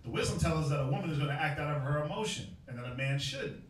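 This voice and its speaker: A man's voice: fairly high pitch, fast talker, a little hiss or hum. A man preaching to a crowd, firing questions at them in a call-and-response Bible teaching. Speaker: street preacher. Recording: echoey space, far from the mic.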